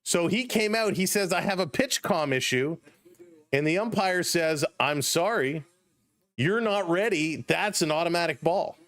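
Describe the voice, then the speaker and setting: A man's voice: on the high side, a bit bright, no echo. Chatty Canadian man calling baseball. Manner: chatty, reads viewer chat and laughs often. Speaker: live stream host. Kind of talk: casual play-by-play commentary.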